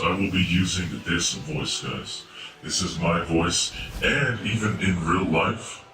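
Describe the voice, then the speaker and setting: Deep voice-changed male streamer. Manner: casual, chatty, talks straight to viewers. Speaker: game streamer. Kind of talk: live gameplay stream commentary. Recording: echoey room, far from mic, game music.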